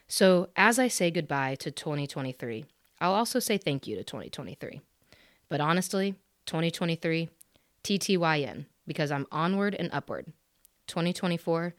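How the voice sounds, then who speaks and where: A woman's voice: sits low, animated, moderate pace, no room sound, studio quality, soft background music. A woman in her thirties hosting a podcast, giving a candid, earnest and emphatic solo reflection. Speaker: podcast host.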